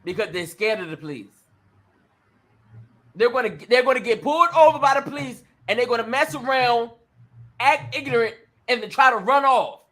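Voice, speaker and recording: A male talk show host giving emphatic opinion commentary, acting out little scenes and addressing listeners as ladies and gentlemen. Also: very high voice, animated, normal speed, pauses often.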